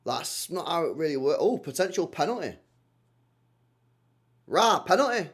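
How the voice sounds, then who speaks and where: A young man hosting a live football watchalong, reading chat and reacting in an animated, teasing way. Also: a little high, fairly quick, slightly rough.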